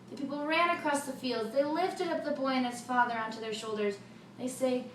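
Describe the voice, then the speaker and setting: Faint noise and a roomy sound come from the distant mic recording this storyteller. She tells children a folk tale in a high voice, a little fast, with lively sound effects.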